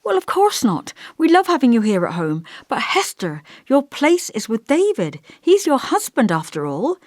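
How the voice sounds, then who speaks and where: An earnest young woman, voiced by a woman narrator, tentative and coaxing, her pitch lifting and falling a lot. The sound is close and dry. An audiobook read with light touches of character. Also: wildly swooping pitch, normal speed, no echo. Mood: bewildered. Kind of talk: audiobook dialogue reading.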